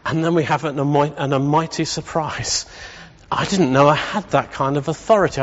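A middle-aged man preaching a sermon in a church, emphatic and building to rousing repetition. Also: mid-range voice. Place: church hall. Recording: dull reverberant church hall.

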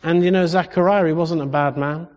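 A man preaching in a church hall, his fairly high voice shifting from easy conversation to animated, climbing emphasis. A long reverb trails each line, and the recording sounds muffled and dull. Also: a little fast. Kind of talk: sermon.

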